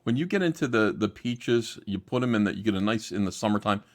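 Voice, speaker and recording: Blunt, profane man with a low voice. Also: expressive, fast. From New Jersey. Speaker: guest panelist. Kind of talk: casual panel chat.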